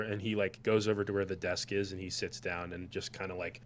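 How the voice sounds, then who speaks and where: A man's voice: sits low, flat delivery, fairly quick. A man narrating a tabletop game as game master, rambling loosely with many fillers.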